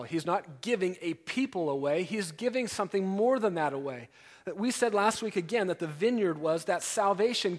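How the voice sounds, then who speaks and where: A man preaching a sermon as pastor, emphatic and animated, building intensity as he teaches. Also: high-pitched. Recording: long hall reverb.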